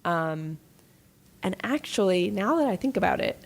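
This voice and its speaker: A woman's voice: medium pitch, lively intonation, normal speed, creaky. A woman writer chatting casually as a podcast guest, self-deprecating and laughing often. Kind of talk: casual interview chat.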